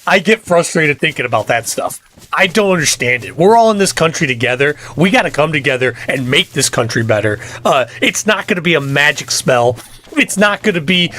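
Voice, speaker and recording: A man's voice: on the high side, lively intonation, normal speed, a bit bright. Fired-up man ranting on a stream. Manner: fired-up ranting with cussing and laughs. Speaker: livestream gamer. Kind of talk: casual livestream chat.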